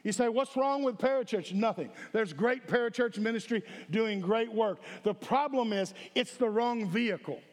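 Man, pastor, high voice, emphatic sermon delivery, reverberant church sanctuary. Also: moderate pace, hardly any pauses. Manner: emphatic, calls for audience response. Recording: echoey hall with long reverb.

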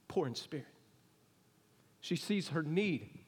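Preacher, higher voice, reverberant hall. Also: male voice, animated, normal speed. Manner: conversational preaching, asks the congregation questions. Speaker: pastor. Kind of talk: sermon. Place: church sanctuary. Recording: long reverb of a church hall.

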